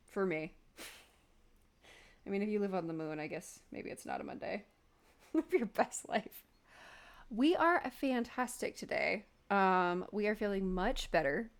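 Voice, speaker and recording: A young woman who is still recovering from being sick knits on a live stream, chatting and rambling as she goes. Her mid-range voice is expressive and unhurried, with long pauses and frequent laughter.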